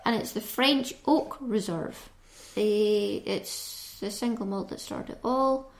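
A woman's voice: medium pitch, slow, gravelly. A woman reviewing a whisky, reading the label aloud in a chatty, teasing way. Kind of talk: casual review chat.

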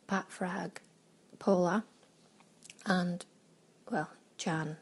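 A woman from Scotland, lowish and husky, keeps a steady tone and draws out her words in a travel audio diary recorded on poor audio. She chats casually, laughs often and acts out little exchanges, breaking into quoted exclamations.

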